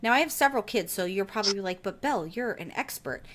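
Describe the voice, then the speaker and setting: A woman's voice: medium pitch, lively intonation, fast talker, a bit bright, a little hiss or hum. A woman in her thirties hosting a podcast, telling a casual, profane story with laughter. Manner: laughs while telling stories. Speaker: podcast host. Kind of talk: casual chat.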